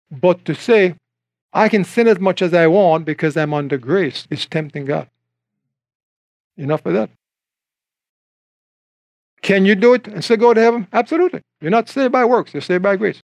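A male preacher with a high-pitched voice delivers an animated sermon. He acts out the voices of the people he quotes. The sound is close and dry, with no room echo.

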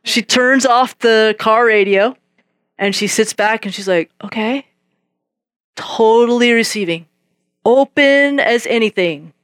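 A woman with a slightly high, clear, resonant voice casually shares her Christian testimony at a measured pace. She tells it vividly, acting out both sides of conversations and laughing often, in a studio-quality recording with no room sound.

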